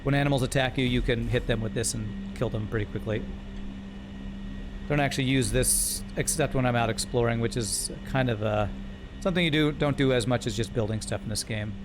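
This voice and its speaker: A man's voice: mid-range voice, a little fast, over music. A man streaming a building game, thinking aloud and correcting himself as he works through numbers. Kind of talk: live gameplay commentary.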